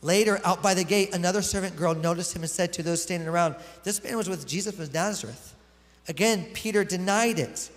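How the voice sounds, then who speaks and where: High-voiced male pastor preaching in a reverberant hall. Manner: reads scripture aloud, then explains it conversationally. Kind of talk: sermon with scripture reading.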